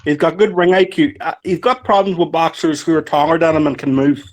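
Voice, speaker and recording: A man's voice: fairly high pitch, fairly even intonation, brisk. Chatty Donegal Irish man. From Ireland. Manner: easygoing, chatty, full of "you know". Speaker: caller. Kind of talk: casual podcast call.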